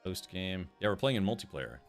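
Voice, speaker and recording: A man's voice: low voice, very animated, a little fast, soft background music. A man streaming a video game live, chatting casually, rambling and restarting sentences and answering chat as he plays.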